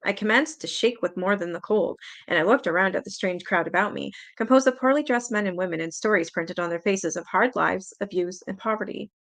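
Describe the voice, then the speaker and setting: A woman's voice: mid-range voice, a little fast, hardly any pauses, fairly bright tone. A woman reading a memoir aloud in a casual manner, laughing now and then and stumbling over some words. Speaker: reader.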